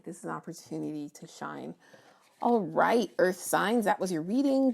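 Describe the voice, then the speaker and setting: Gravelly low-voiced woman reading tarot. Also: a little mellow. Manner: chatty, encouraging, many ums and restarts. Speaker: tarot reader.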